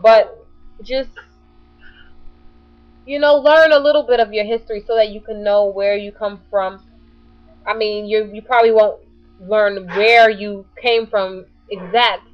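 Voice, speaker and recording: A woman's voice: medium pitch, fairly even intonation, unhurried, long pauses, highs cut off. A woman speaking her mind in a casual vlog, outspoken and passionate. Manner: outspoken and passionate, building to heated. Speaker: vlogger.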